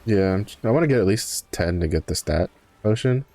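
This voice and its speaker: A man's voice: lowish voice, expressive, fairly quick, creaky, mellow, no room sound, soft background music. A man streaming a game, chatting casually and rambling with many fillers and self-corrections, sounding a bit tired. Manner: yawning, tired. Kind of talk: casual live-stream commentary.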